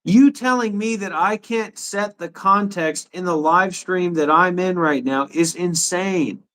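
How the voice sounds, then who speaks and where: High-voiced ranting man, stream host. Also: measured pace, a bit bright. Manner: ranting, swearing, indignant. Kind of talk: heated live stream argument. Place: his apartment.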